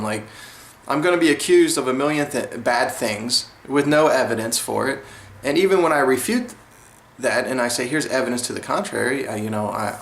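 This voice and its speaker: A man's voice: mid-range voice, vocal fry, fairly bright tone. A man talking straight to camera in an indignant, repetitive monologue. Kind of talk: monologue vlog. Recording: roomy echo.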